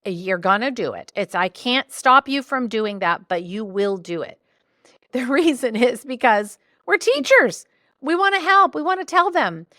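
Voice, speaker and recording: A woman hosting a solo podcast, coaching listeners in an animated, playful way with jokey asides. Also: on the high side, unhurried, dry recording, studio quality. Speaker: podcast host and business coach.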